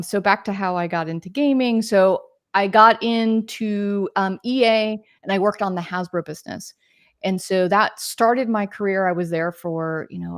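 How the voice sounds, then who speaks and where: A mid-range female voice, studio quality with no room sound, belongs to a woman in her forties who markets games. As a podcast guest, she rambles through her career story casually, with tangents and filler words.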